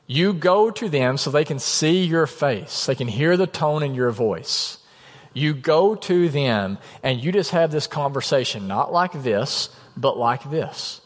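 A man's voice: on the high side, lively intonation, a little slow. A male pastor preaching a conversational sermon in a church, often acting out quotes. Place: church sanctuary. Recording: long hall reverb.

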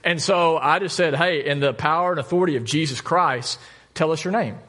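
Animated pastor with a higher man's voice. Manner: animated storytelling with jokes and quick asides. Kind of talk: sermon. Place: church.

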